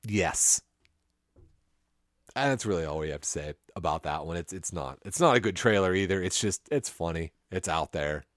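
A man's voice: low voice, animated, moderate pace, no room sound, clean studio sound. A man hosting a casual movie trailer podcast, easygoing and leading each segment. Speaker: podcast host.

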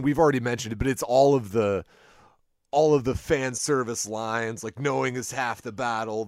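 A man's voice: medium pitch, no room sound, clean studio sound. A man co-hosting a casual movie review chat, wry and rambling, often restarting his sentences. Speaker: podcast co-host reviewing a movie.

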